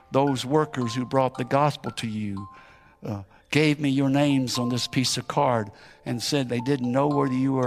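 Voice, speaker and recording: Slow-talking male preacher, storytelling sermon that swells into emphatic pleading. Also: mid-range voice. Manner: builds to loud, emphatic pleading.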